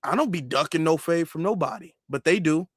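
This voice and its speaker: Man, high voice, dry close sound, emphatic repetitive streamer commentary. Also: lively intonation, a little fast, no room sound. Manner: emphatic and repetitive, with rhetorical questions. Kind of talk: live-stream commentary reading super chats.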